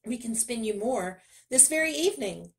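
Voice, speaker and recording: A woman voicing a fat, blustering male miller who talks fast and stumbles nervously as he tells a lie. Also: a little high, expressive, creaky, voice pushed up. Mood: nervous wheedling. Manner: eager, fast-talking, flustered.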